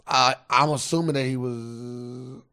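A man in a casual podcast chat, arguing his side in a calm, teasing way. His voice sits at an ordinary middle pitch, recorded dry and close with no room sound. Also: unhurried, clear, resonant tone, no room sound. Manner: teasing, calmly argumentative. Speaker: podcast co-host.

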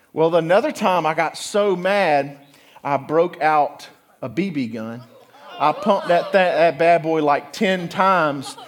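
A young man giving a lively youth ministry talk, telling stories and drawing the crowd into call-and-response. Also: high-pitched. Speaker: youth speaker.

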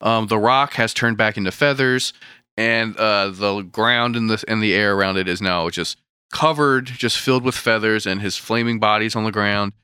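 Laid-back young man recapping, bright and smooth. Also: lowish voice, moderate pace, no echo, studio quality. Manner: laid-back, profane, retelling scenes. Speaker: podcast co-host. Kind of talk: casual chat recapping a manga.

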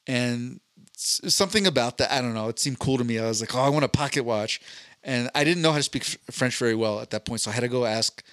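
A man's voice: mid-range voice, fast talker, a bit bright, dry recording, clean studio sound. A man co-hosting a podcast, telling a long, rambling story in casual chat with a swear here and there. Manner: rambling anecdotal storytelling with profanity. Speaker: podcast co-host.

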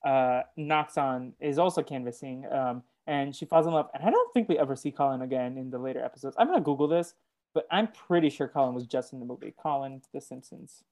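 A man's voice: mid-range voice, darkish tone. A man co-hosting a podcast, casually recapping a movie with lots of ums and restarts. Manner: halting, full of ums and restarts. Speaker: podcast co-host.

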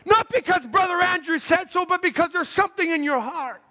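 A man preaching with a very high, bright, forceful voice. He swells from a low, earnest tone into ringing shouts as he presses his points to the congregation. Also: a little fast. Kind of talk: fervent sermon. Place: church sanctuary.

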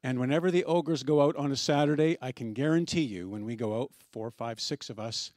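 A middle-aged man preaching a sermon as pastor, telling stories in a conversational way with gentle humor. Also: medium pitch, fairly quick, no echo, clean studio sound.

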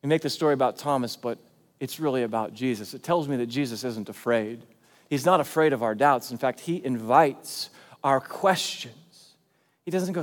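A man preaching a sermon as pastor, in a conversational, animated way. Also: medium pitch, moderate pace, big-room sound. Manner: conversational and animated, acting out quotes.

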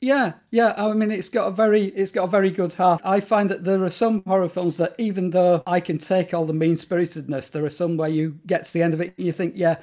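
A man's voice: high voice, fairly even intonation, fairly quick, few pauses, darkish tone. A man talking as a guest in a casual interview about horror films, enthusiastic and rambling, with plenty of fillers and restarts.

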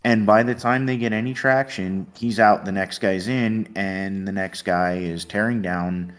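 A man co-hosting a sports podcast, explaining things in a measured way. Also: lowish voice, steady tone, smooth. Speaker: podcast co-host. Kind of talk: casual chat.

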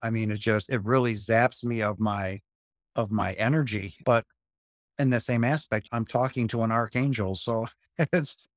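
A man in his fifties, a guest in a spiritual interview, talks earnestly about spiritual experiences and repeats phrases for emphasis. His voice is fairly low at a normal speed, recorded dry in clean studio sound.

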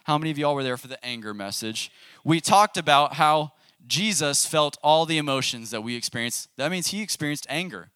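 A young man preaching to a youth service in a loose, conversational way and asking the room questions. His voice is bright and forward. The recording is close and dry. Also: fairly high pitch, lively intonation, a little fast, smooth, dry recording. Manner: casual, asks the audience questions. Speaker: youth pastor. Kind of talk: conversational sermon.

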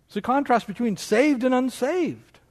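A man preaching a sermon as pastor of his church, with animated delivery that mocks objections in a raised voice. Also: moderate pace. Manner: animated preaching, mocking quoted objections in a higher voice.

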